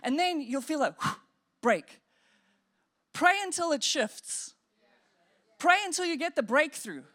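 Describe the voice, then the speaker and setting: High-voiced woman pastor preaching. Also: unhurried, pauses often. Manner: animated preaching, acts out inner voices; demonstrates praying in tongues. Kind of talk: sermon.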